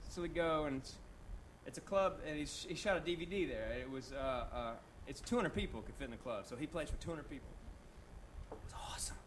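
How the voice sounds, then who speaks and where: A man's voice: on the high side, a little hiss or hum. A man on stage between songs, telling a meandering joking story, a little tipsy from drinking. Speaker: singer-songwriter on stage. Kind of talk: live stage banter. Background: loud guitar music.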